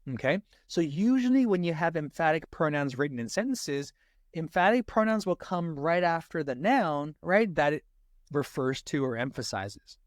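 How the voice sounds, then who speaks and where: Male tutor, casual lesson delivery, habitual "right?" checks, slightly high voice, dry close sound. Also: animated, no room sound. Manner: repeats "right?" after nearly every point; slows down to stress example sentences. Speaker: SAT tutor. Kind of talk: casual teaching explanation.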